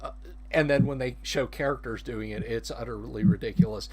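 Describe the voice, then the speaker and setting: A man co-hosting a casual chat, halting and restarting as he searches for words. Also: medium pitch, a little mellow, husky. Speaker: co-host.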